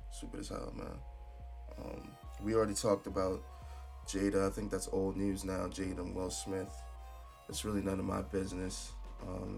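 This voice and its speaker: A man's voice: low voice, vocal fry, darkish tone. A man hosting a casual podcast, talking through celebrity news in a rambling, slangy way with many fillers and restarts. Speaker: podcast host.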